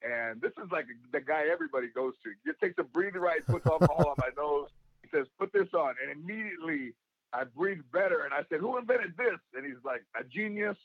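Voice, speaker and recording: A man with a gravelly voice, a comedian being interviewed, telling stories and acting out what people said. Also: on the high side, quick pace, dry recording, lo-fi sound. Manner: storytelling, acts out quoted voices. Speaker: guest, comedian and actor. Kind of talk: casual interview talk.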